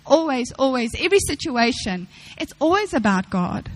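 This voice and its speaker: Young woman preacher, high-pitched, earnest and repetitive, acts out quotes mid-sermon. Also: very animated, normal speed, low-quality recording. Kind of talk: sermon to women.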